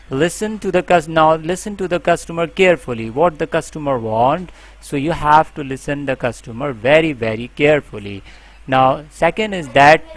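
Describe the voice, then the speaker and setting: Pakistani-accented man teaching, halting delivery. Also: a little high. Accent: Pakistani English. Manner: halting, with many fillers and restarts. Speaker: instructor. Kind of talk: casual spoken lesson.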